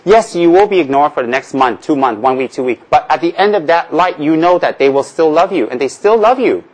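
A man's voice: fairly high pitch, lively intonation, a little fast, a little mellow, rough recording. A man from Tibet teaching as a Buddhist teacher in a casual Dharma talk, joking and asking rhetorical questions, often repeating phrases.

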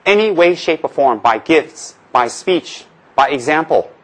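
A man's voice: on the high side, animated, a little slow, poor audio. Joking man giving a Dharma talk. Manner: humorous, rhetorical questions, repeats phrases. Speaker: Buddhist teacher.

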